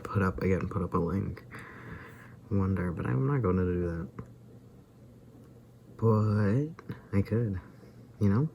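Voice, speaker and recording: A man's voice: low-pitched, vocal fry, slight background noise. A weary man vlogging in a rambling casual monologue, sighing and sometimes dropping to a whisper. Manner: tired, drifts into soft whispers and sighs.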